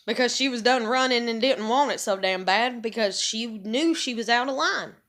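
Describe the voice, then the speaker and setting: Woman in her thirties, high bright voice, angry profane venting vlogger. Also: moderate pace. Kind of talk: angry confessional rant.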